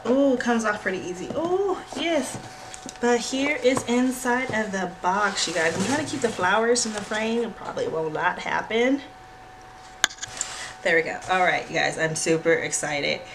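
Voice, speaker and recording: Excited woman gushing over an unboxing. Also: medium pitch, normal speed. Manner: excitable, gushing, frequent squeals and "y'all". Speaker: planner channel host. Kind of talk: casual unboxing vlog. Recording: noisy home recording with clicks.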